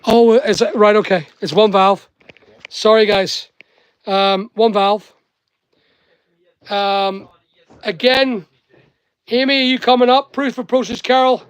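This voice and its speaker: Here the seller and channel host speaks in an extremely high, smooth voice at a measured pace, with no echo. Mixing Northern Irish and English accents, he chats casually on stream while packing orders and joking with staff in the workspace.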